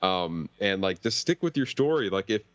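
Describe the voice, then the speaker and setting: A man with a lowish voice talks things through in a measured, laid-back manner on a podcast. The sound is dry and a little dull and lo-fi, with no room around it. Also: sing-song, no room sound. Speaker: podcast panelist. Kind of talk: casual podcast chat.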